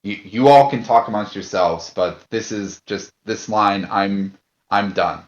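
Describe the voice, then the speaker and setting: A man playing a tabletop role-playing game, speaking in character in a halting, indignant way with many fillers. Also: lowish voice, echoey room, muffled recording.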